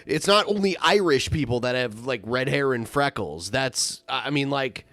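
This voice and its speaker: A man's voice: mid-range voice, expressive, moderate pace, a bit bright, dry recording. Exasperated man co-hosting, dry sound. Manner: argumentative, exasperated. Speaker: podcast co-host. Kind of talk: casual chat.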